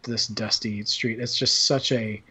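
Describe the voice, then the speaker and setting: A man's voice: on the low side, fairly even intonation, measured pace, bright, forceful tone, breathy edge. A man hosting a podcast, talking about films in a casual, rambling way with lots of fillers and restarts. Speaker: podcast host. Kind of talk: casual film discussion.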